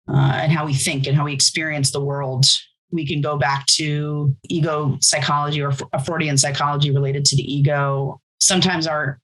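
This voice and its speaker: A woman co-hosting a podcast works through a hard idea out loud, stopping to find her words. She talks in a casual, open way. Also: deep voice, rough recording. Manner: thinking aloud, searches for words. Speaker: podcast co-host. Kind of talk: casual explanatory chat.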